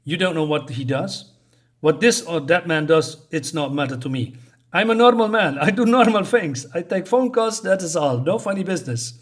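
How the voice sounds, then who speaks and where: A man's voice: fairly high pitch, lively intonation, normal speed. A man voicing a cowardly male crook who pleads nervously and drops foreign words into his speech.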